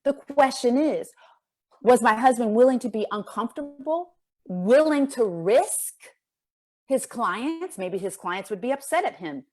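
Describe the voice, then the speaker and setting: A woman's voice: animated, unhurried, a little mellow. Earnest woman in her fifties giving a speech. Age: 50s. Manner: earnest and emphatic, with rhetorical questions; voice rises high when impassioned. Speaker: guest speaker. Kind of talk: personal story speech to a civic club.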